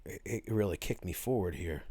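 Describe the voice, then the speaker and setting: A man hosting a casual live stream, reading viewer chat aloud and answering in a loose, animated way. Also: low-pitched, moderate pace, slightly rough, no room sound. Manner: animated, reads chat aloud, calls people bro. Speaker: livestream host reading chat.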